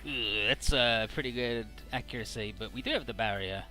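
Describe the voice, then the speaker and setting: A man's voice: mid-range voice, moderate pace, sharp tone. A man casually narrating a video game run, offhand and profane, with game music faint behind. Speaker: let's play host.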